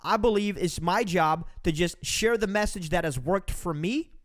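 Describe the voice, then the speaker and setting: A man's voice: high voice, moderate pace, fairly bright tone. A man hosting a podcast, giving an emphatic, preachy motivational talk to his listeners. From Romania. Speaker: podcast host. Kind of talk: motivational monologue.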